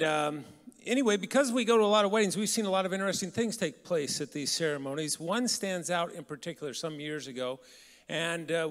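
A man giving a storytelling talk as guest speaker, conversational and asking the audience questions. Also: fairly high pitch. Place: large hall. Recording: hall reverb.

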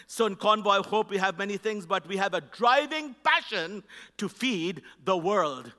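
A man's voice: sits high, expressive, normal speed, pushed and bright. A man from India telling his life story as a church testimony, emphatic and rousing, speaking as a charity's vice president. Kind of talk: personal testimony in a church talk. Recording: echoey hall.

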